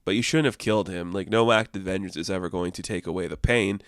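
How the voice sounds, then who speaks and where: A man voicing a calm, wise young male mutant turtle who speaks in a quiet, measured, lecturing way. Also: low-pitched, no room sound, clean studio sound, lightly acted.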